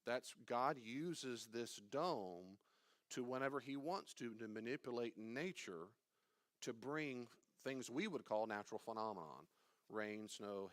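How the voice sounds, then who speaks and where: A man's voice: on the low side, dry recording. A man teaching a Bible study in a conversational, digressive way, often quizzing his listeners. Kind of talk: informal teaching.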